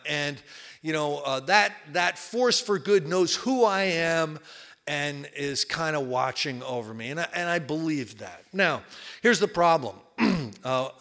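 A man's voice: a little high, fairly bright tone. A man from New Jersey giving a candid, rambling personal testimony at a recovery meeting, full of fillers and repeats. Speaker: recovery speaker.

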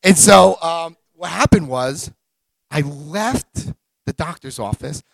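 Before a big audience, a man in his forties tells his recovery story live, expressive and slow, with vocal fry in his voice. He performs the voices of the people involved and whoops at the high points, and no room sound is audible.

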